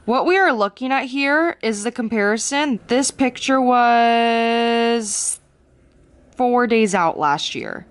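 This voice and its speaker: A woman's voice: on the high side, expressive, takes it slowly, smooth. Chatty young woman vlogging on a handheld camera. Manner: chatty, bubbly, laughs often, says "dude". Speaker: vlogger and bodybuilding competitor. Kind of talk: casual vlog chat.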